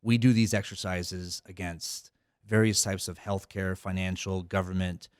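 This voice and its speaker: A man's voice: deep voice, flat delivery, a little slow, smooth, no room sound, clean studio sound. A middle-aged man, a company head, talking casually as a podcast guest, rambling with many fillers and restarts. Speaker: cybersecurity company CEO, guest. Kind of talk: casual interview talk.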